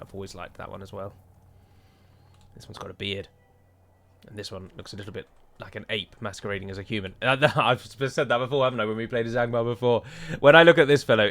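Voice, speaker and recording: A man's voice: fairly low pitch, a bit bright. A man giving chatty, wry commentary while playing a strategy game, wandering into rambling asides. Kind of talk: gameplay commentary.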